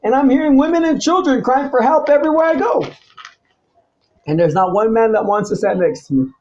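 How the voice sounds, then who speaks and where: A man talking alone to the camera, swinging between low mutters and loud, angry, profane outbursts and repeating himself. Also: animated, fairly quick, dull audio, a little hiss or hum. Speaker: vlogger. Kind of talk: rambling solo monologue to camera.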